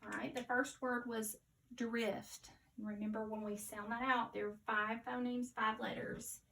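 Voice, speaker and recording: A woman teaching a phonics lesson to young children, sounding out each letter slowly and clearly. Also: on the high side, flat delivery, fairly bright tone, a little hiss or hum.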